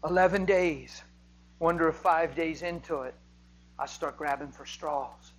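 Man preaching, from shouts to whispers. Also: a little high, a little slow, low-quality recording. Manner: swings from loud, emphatic preaching to hushed whispers. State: emotional. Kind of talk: sermon.

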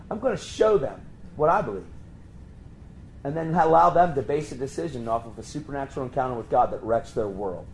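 A man preaching, telling a story and acting out the voices of the people in it with sudden high jumps in pitch. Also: darkish tone, a little hiss or hum, rough recording. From Pennsylvania. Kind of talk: storytelling sermon.

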